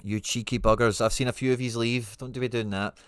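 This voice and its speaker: A man's voice: medium pitch, fairly even intonation, quick pace, clear, resonant tone, no room sound, studio quality. A man with a Scottish accent hosting a casual livestream, reading out viewer comments and answering them in informal, friendly slang. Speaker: livestream host.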